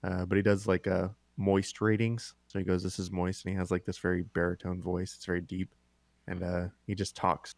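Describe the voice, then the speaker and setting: Man, very low voice, gravelly, dry close sound, rambling, casual. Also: monotone, a little fast, no room sound. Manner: rambling, hesitant with fillers. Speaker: podcast co-host. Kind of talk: casual chat.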